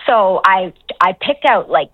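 A woman's voice: mid-range voice, lively intonation, a little slow. Newfoundland woman on a tinny phone line. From Newfoundland, Canada. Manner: chatty, laughs often, many fillers. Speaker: dialect coach, radio guest. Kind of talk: casual phone interview.

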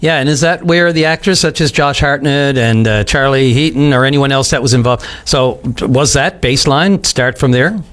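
A man's voice: medium pitch, moderate pace, hardly any pauses, fairly bright tone. A man hosting a radio call-in show, easygoing and jokey, stumbling a little as he asks his questions. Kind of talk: radio interview. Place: radio studio.

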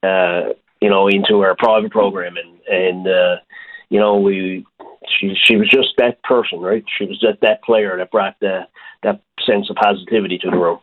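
Male coach, halting, low-ish voice, tinny phone line. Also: fairly even intonation. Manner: halting, repeats words, many fillers. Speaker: hockey coach. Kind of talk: phone interview.

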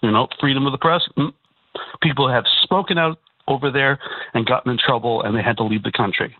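This caller from Canada phones a radio show and talks in an agitated, repetitive way, stammering and restarting. His mid-range voice is brisk, with no echo, though the phone line sounds tinny.

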